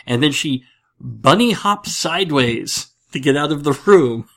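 A man's voice: on the high side, lively intonation, a little slow, gravelly, fairly bright tone. Rambling, jokey man hosting a podcast. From upstate New York. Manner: rambling, jokey storyteller with many restarts. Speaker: podcast host. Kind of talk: casual podcast chat.

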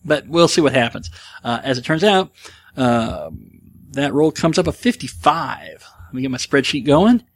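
A man's voice: medium pitch, expressive, normal speed, vocal fry, dry recording. Rambling, chatty male podcast host. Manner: rambling and chatty, with many fillers and asides. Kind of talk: casual podcast monologue.

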